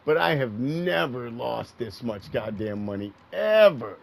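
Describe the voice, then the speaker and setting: Middle-aged guy w/ a gravelly voice rambling and cussing while he games, faint noise behind. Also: medium pitch, lively intonation, unhurried, poor audio. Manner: profane, rambling, repeats himself. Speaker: gaming streamer. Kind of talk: casual storytelling while gaming.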